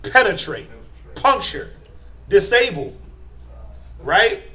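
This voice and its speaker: A middle-aged man teaching a Bible class, quizzing his students and tagging his points with "right?", building to forceful emphasis. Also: sits high, very animated, takes it slowly. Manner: asks the class questions, tags lines with "right?".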